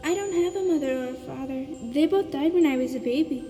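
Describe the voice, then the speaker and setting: A woman's voice: high voice, fast talker, mellow, in a large hall, soft background music, pitched above the performer's own voice, lightly acted. A woman reading a storybook aloud and voicing a plucky, curious young orphan girl in an earnest, matter-of-fact way.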